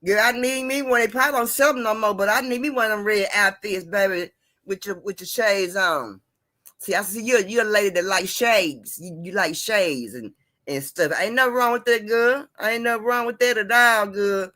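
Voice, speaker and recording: A woman's voice: medium pitch, normal speed, sharp tone. A woman hosting a casual live stream, chatting with her viewers, greeting them by name and repeating herself as she talks. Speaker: livestream host.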